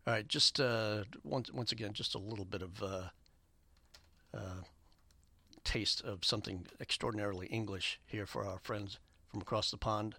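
A man hosting a community radio show, giving rambling shout-outs and station announcements with lots of fillers in an upbeat way. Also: fairly low pitch, fairly even intonation, moderate pace, no echo. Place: radio studio. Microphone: studio microphone.

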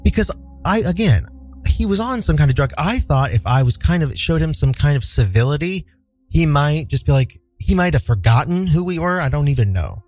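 A man hosting a radio show, telling a personal story in a candid, profane, animated way. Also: on the high side, moderate pace, no room sound. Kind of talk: storytelling monologue. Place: radio studio.

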